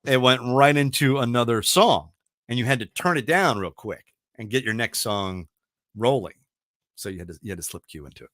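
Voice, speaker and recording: A man's voice: medium pitch, normal speed, no echo, studio quality. A middle-aged man hosting a radio show, chatting casually about music and telling rambling stories. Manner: rambling, animated storytelling with restarts.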